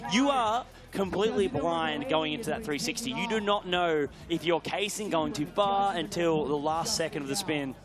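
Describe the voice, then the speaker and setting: A man giving live BMX commentary, excitable, often shouting and gasping at big tricks. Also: fairly high pitch.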